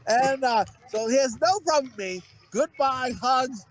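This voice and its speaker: High-voiced man telling rambling profane stories. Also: lively intonation, unhurried, heavy background noise. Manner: rambling, profane, full of fillers and restarts. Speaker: podcast co-host. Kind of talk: casual storytelling chat.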